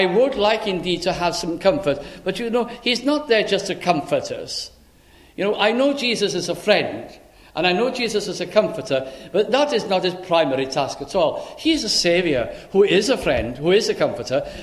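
A man preaching a sermon, telling stories earnestly with halting fillers. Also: sits high, reverberant. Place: chapel.

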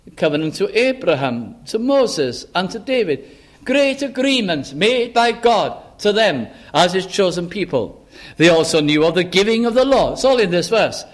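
A man preaching a sermon in church, earnest, slowing down and lifting his voice on the words he stresses. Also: high voice, very animated. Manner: earnest, slows down and rises for emphasis.

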